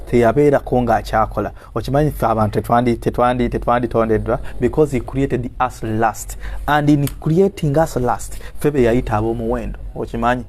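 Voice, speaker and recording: Mellow-voiced Ugandan preacher man. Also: medium pitch. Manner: switches between Luganda and English, repeats phrases for emphasis. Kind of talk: motivational sermon.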